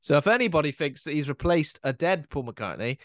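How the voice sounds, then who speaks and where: A man's voice: a little high, big pitch swings, a little fast, dry recording, clean studio sound. A man co-hosting a horror film podcast, chatting in a rambling, easygoing way and laughing often. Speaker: podcast co-host. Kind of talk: casual film chat.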